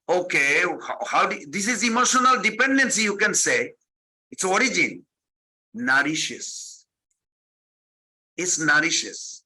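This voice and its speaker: A man teaches a spiritual lesson through animated stories, repeating phrases and slipping into quoted voices. His voice is strikingly bright and sits a touch high for a man. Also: slow pace, low-quality recording. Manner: animated storytelling, acting out quotes, repetitive phrasing. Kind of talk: devotional sermon with stories.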